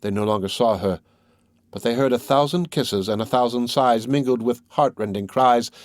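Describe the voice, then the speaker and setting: A man narrating a classic novel as an audiobook reader in a measured, even way. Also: medium pitch, dry recording, clean studio sound. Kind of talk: scripted narration.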